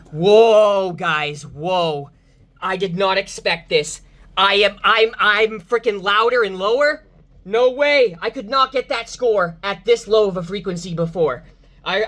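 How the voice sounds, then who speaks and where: A woman vlogging car audio tests from inside a car, excitable and exclaiming to her viewers as she talks through the results. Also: medium pitch. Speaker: car audio enthusiast testing subwoofers. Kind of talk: excited vlog commentary.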